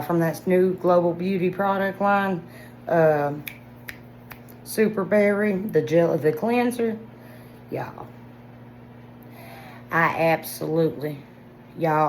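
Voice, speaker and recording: A woman, chatting excitedly straight to her viewers about products she loves. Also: on the low side, slight background noise, rough recording. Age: 40s. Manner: excitable, chatty, talks straight to viewers with lots of "y'all" and "listen". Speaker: vlogger reviewing products. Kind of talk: casual product review vlog.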